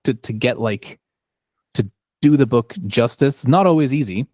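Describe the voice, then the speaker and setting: A man's voice: mid-range voice, moderate pace, darkish tone, dry recording. Chatty Irish man, dry close sound. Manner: chatty, self-deprecating, many restarts. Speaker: audiobook narrator. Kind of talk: casual live chat.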